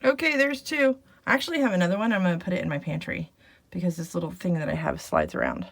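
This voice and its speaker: Talking fast with big swings in pitch, a woman with a fairly low, creaky voice films a casual vlog in a small RV. She chats to the camera between chores, laughing at herself and a bit out of breath.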